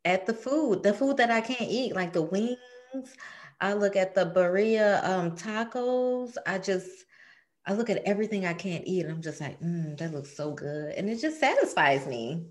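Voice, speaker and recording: A woman's voice: mid-range voice, lively intonation, normal speed. A woman co-hosting a casual chat, playful and laughing often. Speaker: podcast co-host.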